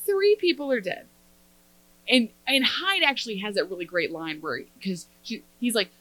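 A woman co-hosting a podcast in casual chat, sarcastic and expressive. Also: fairly high pitch, moderate pace, poor audio. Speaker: podcast co-host.

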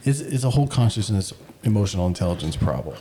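A man with a dark, mellow voice co-hosts a casual podcast. He rambles through stories and drifts onto side tracks before finding his way back. His delivery is relaxed and unpolished. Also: fairly low pitch, quick pace, slight background noise. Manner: rambling, digressive storyteller. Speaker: podcast co-host. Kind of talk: casual chat.

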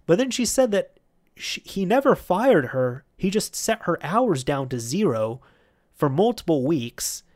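A man hosting a podcast, telling a rambling story about an old job in a casual, chatty way and getting animated when he quotes other people. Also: a little high, measured pace. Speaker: podcast host.

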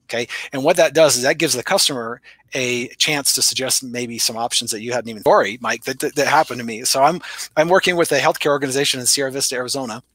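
Fast-talking guy teaching sales, bright energetic voice, acts out both sides of the convo, dry close sound. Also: mid-range voice, no echo. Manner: animated storyteller, playful voice shifts for quoted lines. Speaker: sales trainer. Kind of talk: conversational teaching with acted-out dialogue.

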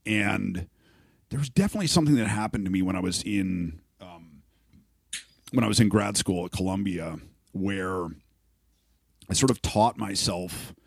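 Gravelly and husky, this low-voiced man from Saskatchewan talks at normal speed with frequent pauses. He's a middle-aged podcast host, candid and profane, who rambles and keeps restarting sentences, heard in clean studio audio without room sound.

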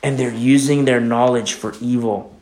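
A man's voice: mid-range voice, fairly even intonation, moderate pace, darkish tone, echoey room. A man preaching a sermon as pastor, with emphatic, repetitive, conversational delivery. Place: church.

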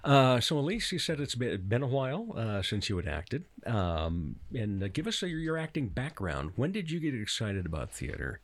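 A man hosting an interview show, asking questions in a halting way with lots of fillers, often laughing. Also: mid-range voice, very animated. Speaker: radio show host. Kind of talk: casual interview.

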